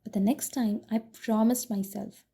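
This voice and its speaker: Husky-voiced woman reading an audiobook. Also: on the high side, normal speed. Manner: steady, reflective storytelling. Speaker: audiobook narrator. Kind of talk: first-person audiobook reading.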